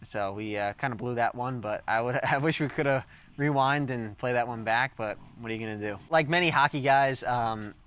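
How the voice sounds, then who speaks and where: A man in his thirties from the St. Louis area talks through his hockey memories as an interview guest. His voice is smooth and clear at a middle pitch. He rambles with lots of fillers and laughs easily along the way. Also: normal speed, fairly bright tone. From St. Louis, USA. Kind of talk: casual interview storytelling.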